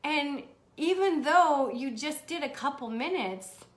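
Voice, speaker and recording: A woman with a high, bright voice talks casually to her livestream viewers while sitting indoors. She is bubbly, laughs often and swears freely, with a loose, unscripted delivery. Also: expressive, measured pace. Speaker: motivational vlogger reading live comments. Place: indoors, seated.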